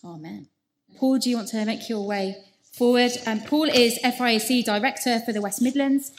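Woman service leader, a touch high-pitched, earnest and measured reading scripture and prayer. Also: fairly even intonation.

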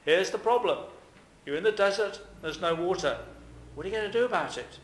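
A man's voice: high-pitched, expressive, a little fast, slight background noise. A man preaching a sermon, putting many rhetorical questions to his listeners. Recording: echoey room.

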